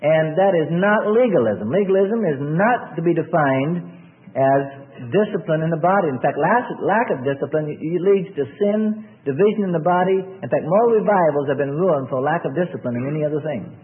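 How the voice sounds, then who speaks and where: A man preaching with a lively, swooping delivery, pressing his points over and over and letting words sink low for weight. His voice sits a little high for a man. The sound is thin and phone-like, with a long hall echo behind it. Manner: emphatic, repetitive, drawn-out preaching with sudden drops in pitch. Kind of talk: sermon. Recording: tinny lo-fi sermon recording in a reverberant hall.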